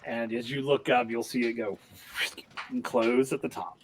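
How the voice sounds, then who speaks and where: A man's voice: medium pitch, a little slow, distant mic, noisy background. A man narrating a tabletop game as game master, chatty and breaking into laughter often.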